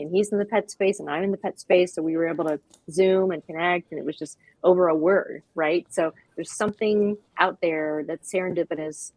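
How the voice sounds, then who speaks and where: A woman speaking as a guest on a video-call show, talking with animated enthusiasm and acting out little quoted voices. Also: lowish voice, brisk, no echo, rough recording. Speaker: guest, dog park expert.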